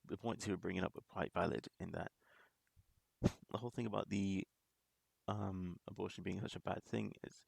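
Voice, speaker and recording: A man with a very low, deeply gravelly voice rambles through a casual reaction commentary, halting and restarting as he thinks aloud. His tone is husky and the room sounds close and dry. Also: darkish tone, dry recording. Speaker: reaction video host.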